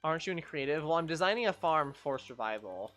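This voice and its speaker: A woman's voice: low voice, expressive, quick pace, a bit bright, soft background music. A young woman streaming gameplay, ranting in exasperation, swearing and scolding the game's creatures as she plays. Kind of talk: live gameplay commentary.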